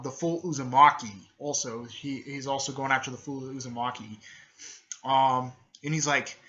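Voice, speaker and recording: Rambling young man with a bright voice. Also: mid-range voice. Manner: rambling, many fillers and self-corrections. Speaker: fan story narrator. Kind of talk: casual rambling story recap. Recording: muffled lo-fi recording.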